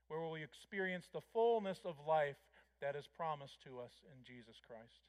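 A male pastor preaching a sermon in a measured, reflective way, with small hesitations. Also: fairly high pitch, lively intonation, darkish tone, clean tone.

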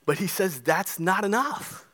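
A male pastor preaching a sermon, animated, acting out the voices he quotes. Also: sits high, unhurried. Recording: long hall reverb.

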